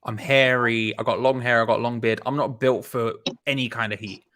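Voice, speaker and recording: A man's voice: mid-range voice, fairly even intonation, normal speed, a bit bright. Laid-back young man. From North London. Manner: laid-back, joking banter. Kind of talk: casual chat.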